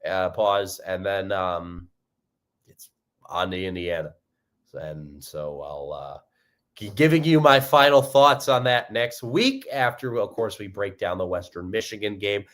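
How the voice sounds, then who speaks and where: Low-voiced young man talking football. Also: expressive, unhurried, a bit bright. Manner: rambling, upbeat, many fillers and restarts. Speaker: fan podcast host. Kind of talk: casual fan commentary.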